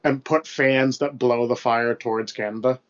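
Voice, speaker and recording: A man's voice: mid-range voice, fairly even intonation, normal speed. A young man co-hosting a podcast in casual, rambling chat, loose and profane with plenty of fillers. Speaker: podcast co-host. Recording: dull lo-fi podcast mic.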